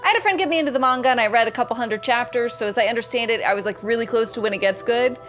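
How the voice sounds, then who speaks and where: A woman's voice: fairly high pitch, rapid-fire, a bit bright, soft background music. Upbeat woman streamer chatting with viewers. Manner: upbeat, greets and thanks viewers by name, reads chat aloud. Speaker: gaming streamer. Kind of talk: casual live-stream chat.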